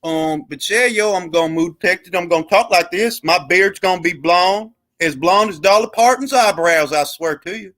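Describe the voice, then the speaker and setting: A man's voice: high-pitched, normal speed, hardly any pauses, a bit bright. A man hosting a boxing talk show, chatting loosely with slang and jokes. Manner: loose, joking, slangy banter. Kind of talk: casual live-stream chat.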